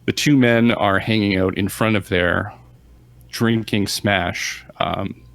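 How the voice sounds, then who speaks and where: A man narrating a tabletop role-playing game as game master in an unhurried, measured way. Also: on the low side, steady tone, gravelly, fairly bright tone, no room sound.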